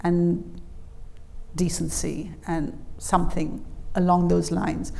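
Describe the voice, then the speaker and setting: A woman's voice: lowish voice, level tone, slow, vocal fry, a little mellow. A woman moderating an on-stage conversation, asking questions in a thoughtful, hesitant way. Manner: thoughtful, hesitant phrasing with "um" and restarts. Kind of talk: interview questions and backchannel.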